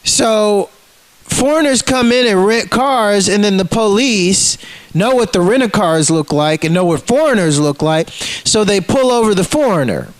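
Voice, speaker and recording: A man's voice: sits high, lively intonation, a little slow, low-quality recording. A man ranting casually to the camera, heated and profane, acting out the people in his stories. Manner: profane, heated, acts out quotes in scenes.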